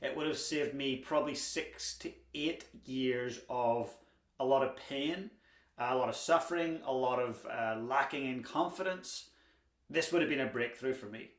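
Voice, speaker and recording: A young man leads a drum lesson in a medium-pitched voice, moving a little slowly. He stays chatty and upbeat, encouraging the learner and tossing in the odd dad joke, while the echoey room carries clear background noise.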